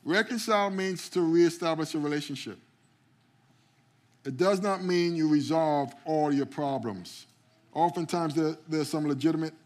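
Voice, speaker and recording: A man preaching a sermon as pastor, calling out to the congregation and often repeating words as he starts a phrase. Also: a little high. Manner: preaching with call-outs to the congregation. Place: church sanctuary.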